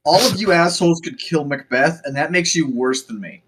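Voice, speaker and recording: Sarcastic young dude on a podcast, swears a bunch, slightly high voice. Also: male voice, normal speed, noisy background. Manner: blunt, sarcastic, swears a lot. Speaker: podcast co-host. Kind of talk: casual chat.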